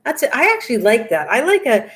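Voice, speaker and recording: An older woman talks loosely to her live viewers while she works on a craft. Her voice sits a little high for a woman. She teases and rambles, playful and silly, rarely finishing a thought before starting the next. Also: big pitch swings, fast, a bit bright. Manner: goofy, teasing, rambling. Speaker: craft livestream host. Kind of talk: casual chat with live viewers.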